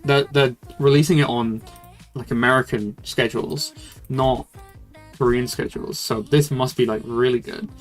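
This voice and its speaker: A young man streams casual commentary while reviewing music, speaking at normal speed in a mid-range voice with fairly even intonation. He rambles loosely, using fillers and the odd swear, with faint music in the background.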